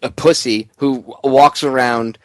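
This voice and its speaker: A man's voice: medium pitch, steady tone, measured pace, no room sound. A man hosting a political talk radio show, ranting bluntly with heated sarcasm.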